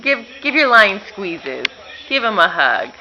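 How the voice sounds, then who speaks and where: A woman's voice: medium pitch, very animated, takes it slowly, bright, forceful tone, dull audio. A woman talking to her toddler at home in playful, coaxing baby talk, with frequent laughs. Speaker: mother.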